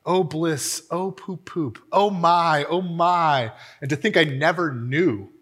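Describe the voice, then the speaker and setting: A man voicing a young, rich, reckless gentleman toad from a storybook, speaking in a dreamy, rapturous monotone. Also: a little high, takes it slowly, pitched above the performer's own voice. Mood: dreamy rapture. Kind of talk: reading a storybook passage aloud.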